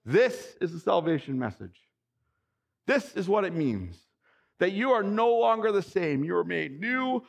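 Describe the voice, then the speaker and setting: Male pastor, high gravelly voice, emphatic and excitable sermon delivery. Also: a little slow. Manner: excitable, emphatic preaching with sudden bursts; reads scripture passages aloud.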